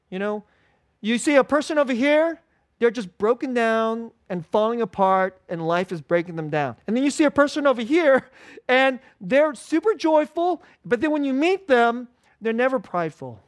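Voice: medium pitch, animated, moderate pace, no echo. A pastor preaching in a dry room. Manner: informal, repeats key phrases, chuckles often. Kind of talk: conversational sermon. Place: church service.

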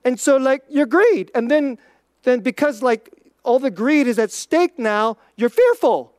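A preacher giving an informal, conversational sermon, chatty and full of "like", swinging between quick bursts and slow, quiet emphasis. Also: high voice, animated, no echo, clean studio sound.

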